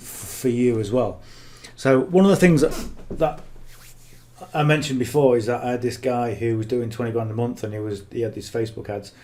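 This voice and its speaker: A man talks through marketing advice off the cuff, blunt and earnest. His voice is mellow and rather dark, at an ordinary pitch. He keeps tagging his points with "okay?". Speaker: affiliate marketing coach. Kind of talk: casual unscripted coaching talk.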